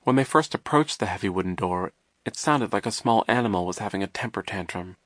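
A man with a lowish voice reads an audiobook in a wry, measured way. The recording is dry and close, with no room sound. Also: lively intonation, a bit bright, no echo. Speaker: narrator. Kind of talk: audiobook narration.

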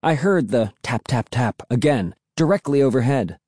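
A man reading a first-person story aloud, with an expressive, animated delivery. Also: medium pitch, normal speed, husky, dry recording, clean studio sound. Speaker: audiobook narrator.

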